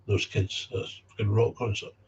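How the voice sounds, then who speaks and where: A man's voice: lowish voice, level tone, moderate pace, slight background noise. A man with a Scottish accent giving a blunt, heated personal talk about recovery, swearing freely. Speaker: speaker on recovery. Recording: dull lo-fi recording.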